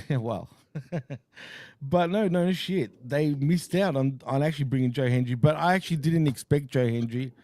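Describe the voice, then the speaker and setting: A man's voice: mid-range voice, normal speed, warm tone. An Australian man co-hosting a wrestling review show in casual chat, laughing often and teasing his partner. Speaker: co-host.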